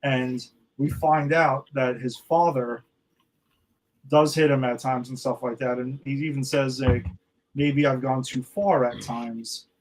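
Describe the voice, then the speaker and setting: A man co-hosting a podcast, talking casually and excitably about a TV episode, with loose swearing. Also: medium pitch, measured pace, rough recording. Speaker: podcast co-host.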